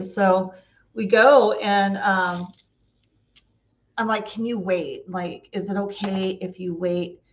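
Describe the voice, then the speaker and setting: A woman's voice: medium pitch, steady tone, slow, highs cut off. A woman vlogger telling funny stories in a chatty way, laughing often and acting out the dialogue. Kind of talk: casual storytelling.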